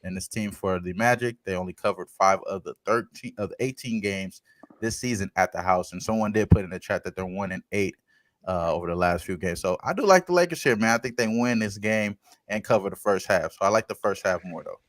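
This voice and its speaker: Man, betting show co-host, fairly low voice, dry sound, energetic, chatty. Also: brisk, dry recording. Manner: energetic, talks to his co-hosts with "man". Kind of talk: casual sports betting talk.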